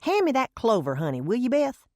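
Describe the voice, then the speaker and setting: A woman's voice: a little high, wildly swooping pitch, fairly quick, no echo, pitched above the performer's own voice. A woman voicing a folksy old grandmother who swears by herbal remedies, with homespun phrasing, in a dry close recording. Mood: insistent.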